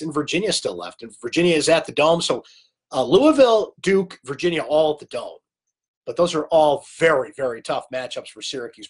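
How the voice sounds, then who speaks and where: A man with a cold hosting a live sports recap, talking conversationally and answering viewer comments by name. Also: on the high side. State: has a cold. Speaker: sports talk host.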